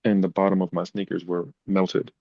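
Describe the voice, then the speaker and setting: A man's voice: sits low, a little fast, no room sound, highs cut off. A man, a podcast guest, telling personal stories in a casual, emotional way. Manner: emotional, animated retelling. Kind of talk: casual storytelling.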